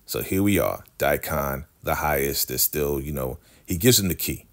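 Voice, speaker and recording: A man casually recapping a TV episode, chatty and animated, with slang. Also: rumbling low, normal speed. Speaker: TV show recapper.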